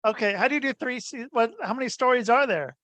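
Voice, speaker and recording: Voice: medium pitch, fast talker, fairly bright tone, no echo. A podcast co-host reacting in casual chat with short, incredulous, profane questions.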